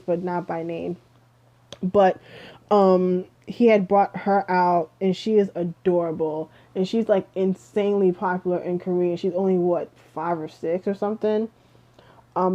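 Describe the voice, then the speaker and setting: A young woman vlogging a casual music review, chatty and rambling with lots of fillers, sleepy and yawning. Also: medium pitch. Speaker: K-pop vlogger. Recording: dull lo-fi home recording.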